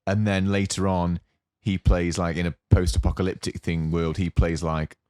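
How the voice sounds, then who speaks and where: A young man with a low, deep voice chats casually as a podcast co-host. He rambles through his story with fillers and restarts, getting more animated as he goes. The sound is dry and close. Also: normal speed, clear, resonant tone, no room sound. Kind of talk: casual chat.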